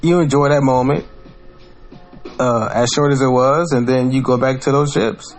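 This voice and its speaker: A man's voice: medium pitch, normal speed, soft background music. A man hosting a podcast, talking in a blunt, profane, rambling monologue full of restarts. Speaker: podcast host. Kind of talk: casual monologue.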